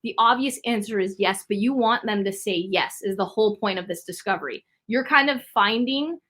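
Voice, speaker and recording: Woman sales trainer, bright tense voice, coaching tone, steady okay check-ins. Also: mid-range voice, a little fast. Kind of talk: training video walking through a sales script.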